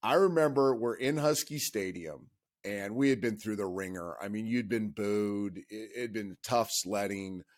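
A man in his fifties with a fairly low voice shares old stories earnestly in easy conversation. He talks like a former pro quarterback looking back. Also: normal speed. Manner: earnest, animated storyteller. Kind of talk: casual conversation.

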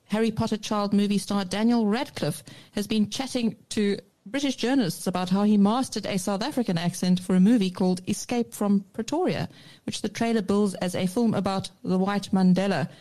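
A woman's voice: medium pitch, brisk, dark tone, rough recording. A woman hosting a radio show, reading a conversational introduction to a clip.

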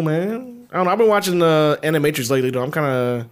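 Fast-talking, with a slightly high voice and lively intonation, this Baltimore-area man co-hosts a podcast. The conversation is relaxed and foul-mouthed, and he laughs frequently.

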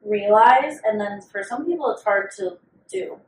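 Animated young woman reacting. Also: mid-range voice, slight background noise. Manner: expressive, quick reactions. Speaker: podcast co-host. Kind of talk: casual chat. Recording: echoey room, distant mic, faint ambience.

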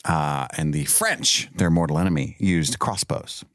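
A man's voice: lively intonation, unhurried, a bit bright, no room sound, studio quality. A man co-hosting a podcast, jokey and casual, sharing trivia and riffing on scenes. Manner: jokey, swings pitch widely when quoting. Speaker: podcast co-host. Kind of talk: casual film review chat.

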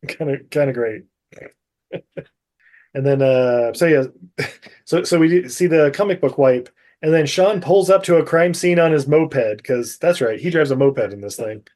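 A man's voice: fairly high pitch, unhurried, a little mellow. A man casually recapping a movie on a podcast, rambling with lots of fillers and frequent laughter. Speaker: podcast co-host.

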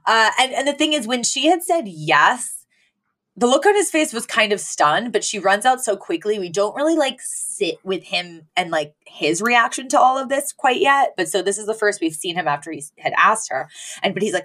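A woman's voice: medium pitch, moderate pace. A woman co-hosting a podcast, recapping an episode in casual chat and acting out the characters' lines as she goes. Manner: animated retelling, mimics characters' lines. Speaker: podcast co-host.

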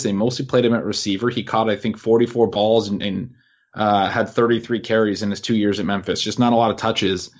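A man co-hosting a fantasy football podcast, giving a measured, stat-heavy player breakdown. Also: fairly low pitch. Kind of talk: casual podcast analysis. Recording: muffled lo-fi audio.

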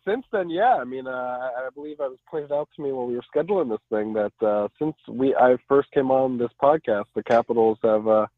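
A man's voice: medium pitch, no echo. Male guest on a tinny call line. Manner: measured, many ums. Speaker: guest, team blogger. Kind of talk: casual interview. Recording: tinny phone line, dry.

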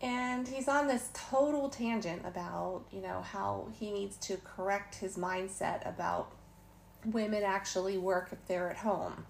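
Unhurried and gravelly, this woman's medium-pitched voice keeps a fairly even intonation as she chats casually through a travel story for her vlog. Now and then she laughs or briefly quotes someone, and faint noise sits in the background.

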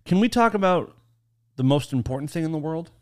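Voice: medium pitch, lively intonation, brisk, darkish tone. A podcast co-host chatting playfully and casually, with casual swearing. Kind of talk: casual chat.

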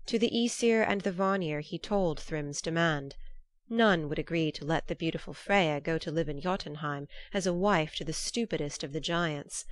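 A woman narrating a storybook myth in a measured, formal way. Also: sits low, dry recording.

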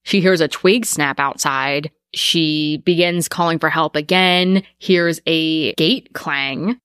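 A woman's voice: sits low, slow, a bit bright, smooth, no room sound, clean studio sound. A woman co-hosting a podcast, narrating plot details and trivia in a casual way. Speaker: podcast co-host. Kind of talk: casual film recap chat.

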